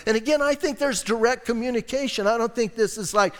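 A man preaching a casual, animated sermon as pastor, acting out voices in the quotes. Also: extremely high pitch, a little fast, in a large hall. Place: church hall.

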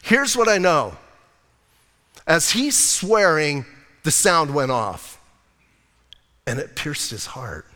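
A male pastor preaching a sermon in a casual, animated style, using slang and acting out the lines of the people in the story. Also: on the high side, slow pace, pauses often, big-room sound. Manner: animated, conversational preaching with slang and acted-out quotes. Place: church sanctuary.

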